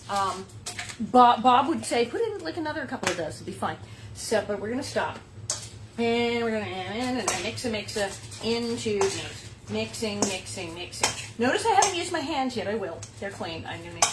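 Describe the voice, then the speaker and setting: A woman's voice: on the high side, background noise. A woman hosting a casual cooking demonstration in a kitchen, chatty and playful, with silly sing-song asides. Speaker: cooking show host. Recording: kitchen clatter of dishes and utensils behind.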